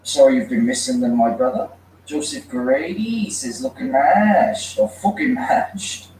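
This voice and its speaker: A man's voice: high-pitched, very animated, measured pace, a little mellow. A man hosting a livestream, greeting viewers by name and reading their comments in casual chat. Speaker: livestream host. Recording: echoey room, mic far off, faint noise.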